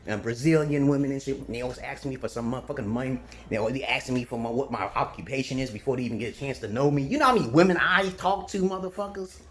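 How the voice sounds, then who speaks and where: A man from Brooklyn, ranting profanely and emphatically in an unscripted monologue as a self-styled dating advisor. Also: medium pitch. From Brooklyn, New York.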